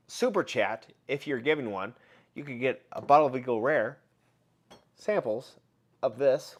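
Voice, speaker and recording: A man hosting a casual live stream, chatting with viewers, greeting them by name and running giveaways. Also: mid-range voice. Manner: chatty, reads out viewer names and shouts greetings. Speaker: livestream host.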